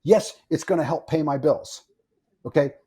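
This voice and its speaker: Blunt opinionated guy on a podcast, husky mellow voice, swears a lot, keeps repeating himself. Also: fairly high pitch, moderate pace. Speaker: firearms instructor, guest. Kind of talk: casual podcast interview.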